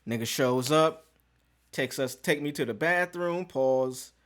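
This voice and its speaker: A man's voice: medium pitch, a little slow, a bit bright. A man hosting a podcast, telling a story in casual, profane slang and acting out the scenes. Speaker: podcast host.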